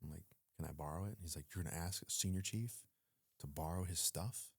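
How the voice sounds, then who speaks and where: A guest who's a former Navy SEAL tells a story casually in an interview, speaking in a low, brisk voice with a breathy edge. He's animated, acts out quoted dialogue and uses frequent fillers; the sound is clean studio quality with no echo.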